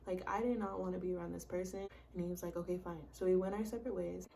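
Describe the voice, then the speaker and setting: A young woman with a gravelly, fry-laden voice tells a storytime vlog in blunt, profane everyday speech. She fills her talk with "like" and "bro" and now and then drops to a hushed whisper. Her voice sits a little back from the mic. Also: on the low side, steady tone, fast talker, recorded from a distance, slight background noise. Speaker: vlogger. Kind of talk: casual storytime.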